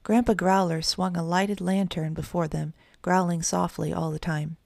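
A woman narrating a children's story in a gentle storytelling manner. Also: on the low side, steady tone, moderate pace, creaky, no room sound, studio quality. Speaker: audiobook narrator. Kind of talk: children's story read aloud.

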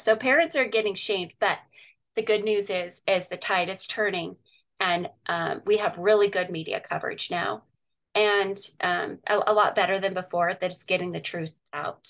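A woman's voice: mid-range voice, a bit bright. A middle-aged woman on a video call, chatting as a guest and talking through material on her shared screen. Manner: chatty, sharing her screen, with frequent um and laughs. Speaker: guest, parent activist. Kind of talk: casual video call interview.

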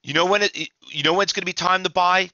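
An exhausted middle-aged man rambles through market commentary, restarting his sentences and pressing hard on his points. His voice is fairly high and forceful, and it sounds dry and close. The recording is slightly dull and lo-fi. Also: fairly even intonation, fast talker, no room sound. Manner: rambling, restarts often, emphatic. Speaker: trading instructor. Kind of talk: casual market commentary to viewers.

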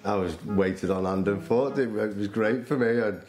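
A man's voice: lowish voice, normal speed, music in the background. A young man, an expectant father of twins, chatting fondly in a documentary interview.

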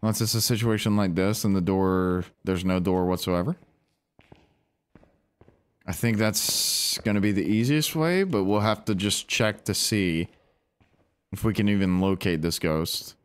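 A man giving casual, animated commentary while playing a ghost-hunting game and talking to his teammates. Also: deep voice, a little slow, clean tone. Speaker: gaming streamer.

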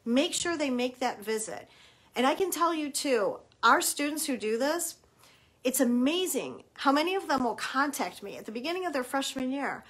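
A middle-aged woman talks to parents as a college admissions consultant. Her voice sits a little high, and she speaks emphatically, stressing her key points. She slips into short acted-out bits of quoted dialogue along the way. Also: lively intonation, moderate pace, fairly bright tone, slightly rough. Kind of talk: advice talk to parents.

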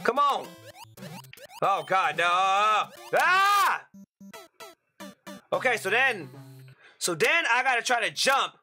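A young man giving excitable gameplay commentary as a channel host, breaking into loud frustrated outbursts and crude jokes. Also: high-pitched, unhurried, pauses often, soft background music.

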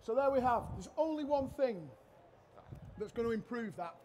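High-voiced cheeky chef. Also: male voice, animated, normal speed, a little hiss or hum. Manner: cheeky, loud-mouthed joker. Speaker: chef giving a cooking demonstration. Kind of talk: live cooking demo with banter. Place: demo stage at a trade show.

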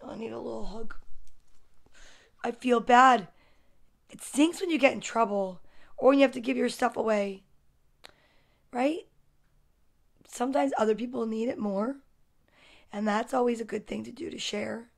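A woman reading a children's picture book aloud to kids, with playful, expressive asides. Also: fairly high pitch, moderate pace, vocal fry, long pauses. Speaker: story time reader.

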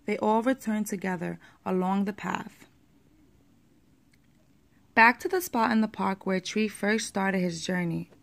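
A woman reading a children's picture book aloud at a steady pace, with the odd small slip. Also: medium pitch, unhurried, gravelly, pauses often.

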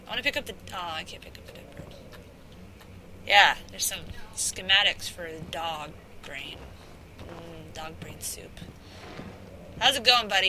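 A woman giving playful let's play commentary, talking to the game's monsters and to her viewers. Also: fairly low pitch. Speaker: gaming channel host. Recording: background noise under the voice.

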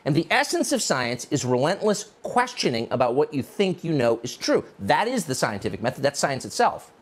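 An American man delivers a mocking, indignant monologue as a political commentator. His pitch swings widely, from low grumbles to sudden high jabs. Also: sing-song, brisk. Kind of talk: opinion monologue.

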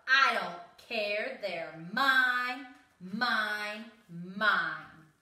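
A woman voicing a greedy young male dinosaur who roars and yells that everything is his. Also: a little high, lively intonation, slow pace, heavily acted. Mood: greedy roaring. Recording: roomy echo, mic at a distance.

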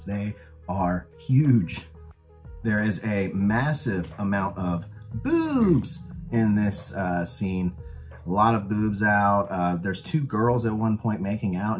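A man casually retelling a cult horror comedy plot as a movie reviewer, amused and incredulous. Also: lowish voice.

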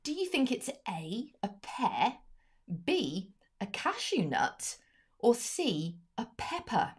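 A woman's voice: on the high side, sing-song, slow, slightly rough. A woman presenting a live family science show, bubbly and explaining step by step.

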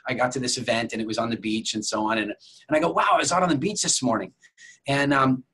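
A man's voice: medium pitch, a bit bright, slightly rough. A man coaching viewers on public speaking in a conversational masterclass, telling stories as examples and speaking straight to his audience. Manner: addresses viewers directly. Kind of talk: masterclass lecture.

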